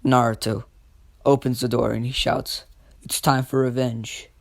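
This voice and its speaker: A man's voice: medium pitch, flat delivery, a little slow, vocal fry. A man co-narrating a fan what-if story in a casual, rambling way, stringing events together with "he's like" quotes.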